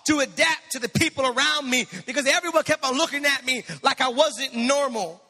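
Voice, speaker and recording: A man imitating an earnest pastor speaking with a Southern Louisiana drawl, loud and drawn out. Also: very high-pitched, brisk, voice pushed up, full character voice. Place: church sanctuary. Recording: long church hall reverb.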